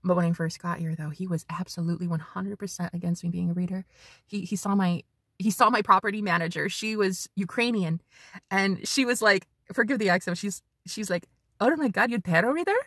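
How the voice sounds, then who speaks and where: A woman tarot reader giving a casual spiritual reading, chatty and animated, swearing freely as she talks to her viewers. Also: fairly low pitch, fairly quick, dry recording, clean studio sound.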